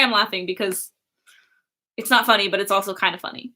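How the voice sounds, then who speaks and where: A woman's voice: medium pitch, fairly even intonation, fairly quick, pauses often, bright, forceful tone. A young woman chatting casually on a livestream, reading chat and laughing often. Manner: giggly, chatty, many fillers.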